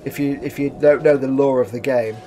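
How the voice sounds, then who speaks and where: Man streaming a game, chatty, wry, reads out chat, mid-pitched voice. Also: fairly even intonation, fairly quick, mellow, slight background noise. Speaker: streamer playing a video game. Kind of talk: casual live-stream commentary.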